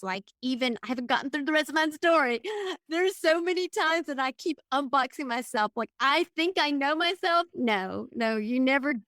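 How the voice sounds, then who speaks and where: A woman's voice: sits high, pushed and bright, no echo, clean studio sound. A middle-aged woman hosting her own coaching podcast, talking in a chatty, rambling way with frequent laughs. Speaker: business coach and podcast host. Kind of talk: solo podcast monologue.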